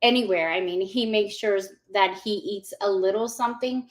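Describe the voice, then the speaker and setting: At a normal speed and in a mid-range voice, a forties-aged woman tells her story as an interview guest giving a testimonial. She's lively and laughs a lot, acting out the things people said.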